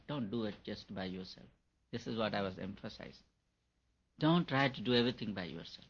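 Male spiritual teacher, husky voice, emphatic and repetitive, dull lo-fi recording. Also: lowish voice, moderate pace, pauses often, fairly bright tone. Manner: earnest, repetitive and emphatic, laughs at his own points. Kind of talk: meditation lecture to an audience.

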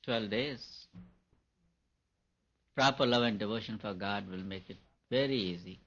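A man's voice: on the low side, normal speed, long pauses, fairly bright tone, breathy edge. A man giving a spiritual talk on meditation, repeating his points for emphasis. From India. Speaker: meditation teacher. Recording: dull lo-fi recording.

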